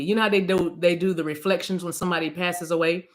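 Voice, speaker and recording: A woman's voice: lowish voice, steady tone, quick pace, hardly any pauses. Rambling East Coast woman livestreaming. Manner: rambling, playful, greets viewers by name. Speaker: spiritual reader, livestream host. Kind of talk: casual livestream chat with viewers.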